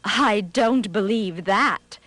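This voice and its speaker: A woman voicing a clever male fox in a storybook game, lively and animated. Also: medium pitch, slow, dry recording.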